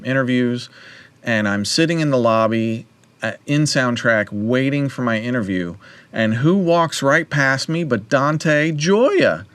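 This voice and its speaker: Smooth-voiced male livestream host. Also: medium pitch, no echo. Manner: animated, acts out quoted voices. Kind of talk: casual storytelling.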